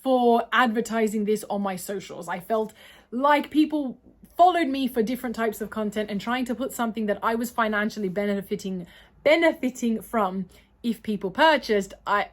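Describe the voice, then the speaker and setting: Young aussie-born woman rambling through a q&a, slightly high voice, keeps correcting herself. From Australia. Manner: long-winded, rambling with self-corrections. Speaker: vlogger and poet. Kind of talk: casual Q&A chat.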